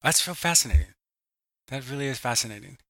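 A man's voice: medium pitch, animated, fast talker, pushed and bright, no echo, studio quality. A man who grew up in Michigan and Canada, hosting a podcast and encouraging his guest. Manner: attentive, encouraging, lots of affirmations. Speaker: podcast host. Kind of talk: podcast interview.

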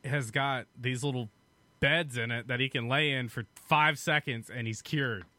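A man's voice: medium pitch, steady tone, normal speed, bright, forceful tone, no room sound. A man with a Southern US accent, a podcast guest who jokes crudely and provocatively in casual chat. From southern United States.

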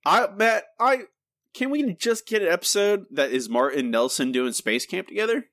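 A man's voice: sits high, expressive, normal speed, fairly bright tone, dry recording, clean studio sound. A man co-hosting a podcast in casual, chatty talk, often laughing. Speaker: podcast co-host. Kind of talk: casual chat.

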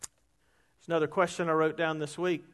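A man, preaching an animated sermon that rises into shouts. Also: fairly high pitch, normal speed. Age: 50s. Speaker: pastor. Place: church sanctuary. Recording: long reverb of a large hall.

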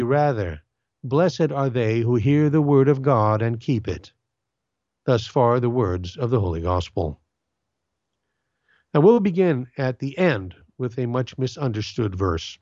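A man's voice: mid-range voice, no room sound, lo-fi sound. A man reading a gospel passage and then explaining it in an earnest, commentary style, with some fillers and restarts. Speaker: Catholic commentator.

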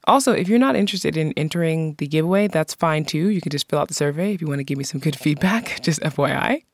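A podcast host giving scripted narration in an informative way, slowing down to pronounce local words. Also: mid-range voice, animated, no echo, clean studio sound.

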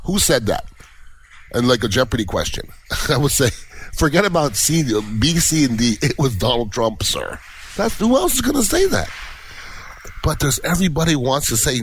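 A man's voice: medium pitch, sing-song, normal speed, slight background noise, low-quality recording. A male podcast host delivering a blunt, opinionated monologue full of rhetorical questions.

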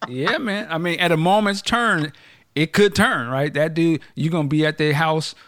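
A man's voice: a little high, dry recording, studio quality. A man hosting a podcast in casual chat, joking and restarting his sentences as he goes. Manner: animated, joking, halting restarts. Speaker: podcast host.

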